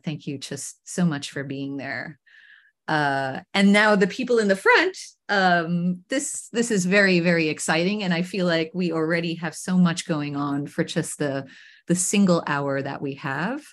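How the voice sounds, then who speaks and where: A woman from Queens, New York, hosts a live online arts talk show over a video call. Her voice is on the low side for a woman, and she speaks a little slowly, gushing with effusive enthusiasm. She often stumbles and restarts mid-phrase.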